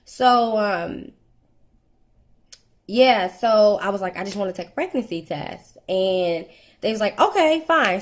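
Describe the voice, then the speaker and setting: A young woman casually telling her viewers a personal story in a rambling, chatty way, with many fillers and restarts. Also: a little high. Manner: candid and conversational, addresses viewers directly. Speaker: vlogger.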